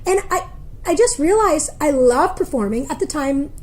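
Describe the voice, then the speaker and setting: A woman, a motivational speaker, telling a story in a casual interview, lively and acting out the voices of others. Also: sits high, normal speed. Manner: animated, acts out quoted voices.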